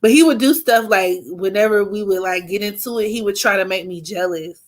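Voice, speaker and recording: A young woman hosting an astrology channel, telling stories in blunt, profane, animated casual chat. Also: mid-range voice, a little fast.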